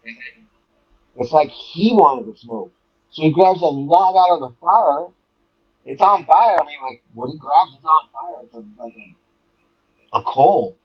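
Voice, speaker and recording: Give me an animated man telling a story as a podcast guest, stumbling over words, on a dull muffled recording. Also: medium pitch, slightly rough. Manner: animated, halting with many restarts and repeated words. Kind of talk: casual storytelling.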